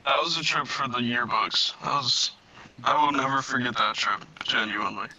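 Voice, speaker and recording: Bright-voiced young man, blunt and profane. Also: medium pitch, normal speed, low-quality recording. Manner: blunt, profane, deadpan delivery. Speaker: podcast co-host. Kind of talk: casual storytelling chat.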